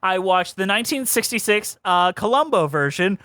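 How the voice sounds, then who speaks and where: A woman co-hosting a podcast in casual chat, animated and opinionated, with quick asides and laughs. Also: mid-range voice, no room sound, clean studio sound. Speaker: podcast co-host.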